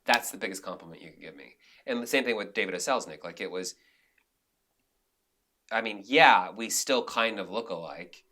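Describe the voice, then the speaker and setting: A man talks as a podcast guest, telling stories in an animated, rambling way full of restarts. His voice sits somewhat low but comes through bright and forceful. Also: normal speed. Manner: animated storyteller, many restarts and "like"s. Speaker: guest, director and actor. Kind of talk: casual interview storytelling.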